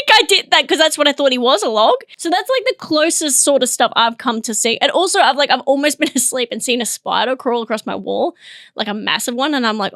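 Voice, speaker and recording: A young Australian woman riffing on a solo comedy podcast, her high voice leaping all over the place. She rambles, cuts herself off and bursts into laughter often. The sound is dry and close, with no room around it. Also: very animated, moderate pace, fairly bright tone, dry recording. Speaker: podcast host.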